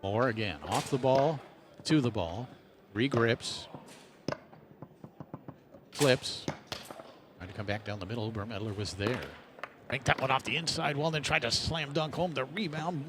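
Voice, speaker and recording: A male play-by-play commentator calls the match live, snapping out each move as it happens. His voice sits at an ordinary middle pitch. A faint hiss runs beneath the commentary. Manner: rapid, energetic shot-by-shot calling.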